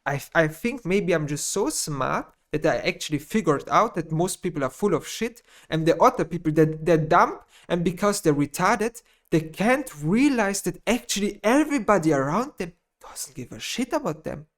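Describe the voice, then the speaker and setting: A man ranting in a gaming vlog monologue, speaking non-native English with blunt swearing, repeating his phrases and swinging between muttering and loud outbursts. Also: high voice, expressive, moderate pace, few pauses. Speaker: gaming YouTuber.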